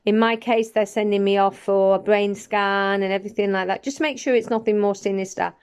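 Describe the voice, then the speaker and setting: A woman in her forties talking casually and reflectively to camera, often pausing and restarting her sentences. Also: medium pitch, fairly even intonation, clear, resonant tone. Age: 40s. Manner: reflective, with frequent restarts and hesitations. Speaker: vlogger. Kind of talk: casual personal vlog.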